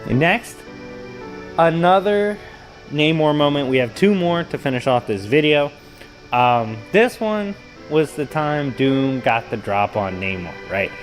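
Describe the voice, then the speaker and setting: An animated man hosting a casual video, recounting comic-book stories with plenty of slang. His pitch rises and falls in a lively way while he laughs along at the funny parts. Faint music sits low in the background. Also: a little slow, poor audio. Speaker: host.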